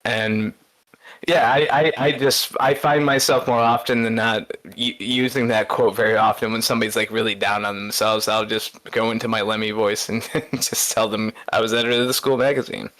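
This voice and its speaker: A man in casual podcast chat, telling stories in an excitable, rambling way, stumbling over his words and laughing often. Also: lowish voice, moderate pace. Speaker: podcast co-host.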